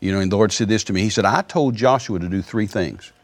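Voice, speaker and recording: A man's voice: fairly low pitch, fast. A man in his sixties, a guest minister in a broadcast interview, telling stories in a folksy way and often repeating words.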